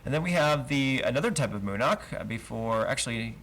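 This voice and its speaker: A man's voice: mid-range voice, lively intonation, a little fast, fairly bright tone. A man teaching a verse-by-verse Hebrew lesson, explaining cantillation marks patiently and chanting each trope name aloud. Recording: livestream with faint noise.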